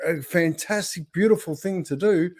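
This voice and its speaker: A man's voice: sits high, normal speed. A man hosting an interview, encouraging his guest and building points as lists. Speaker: podcast host. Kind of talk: conversational interview.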